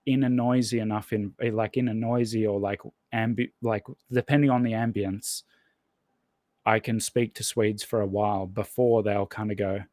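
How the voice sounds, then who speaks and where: A man's voice: fairly low pitch, level tone, normal speed, a little mellow, no room sound. A man as a podcast guest in casual conversation, rambling and thinking aloud with lots of restarts. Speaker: podcast guest, language learner.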